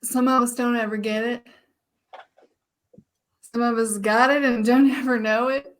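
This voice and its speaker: A woman's voice: fairly high pitch, steady tone, close to an everyday voice. A woman reading a jittery, lonely married woman. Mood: nervous. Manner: giggly, hesitant, halting restarts. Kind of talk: live play reading.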